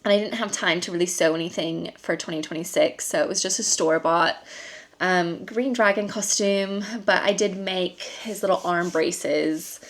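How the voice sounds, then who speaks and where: A woman's voice: lowish voice, normal speed. Chatty mother rambling through a festival story. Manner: chatty and rambling, with frequent ums and likes; lively storytelling with laughs. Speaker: vlogger and costume maker. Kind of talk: casual chat to camera.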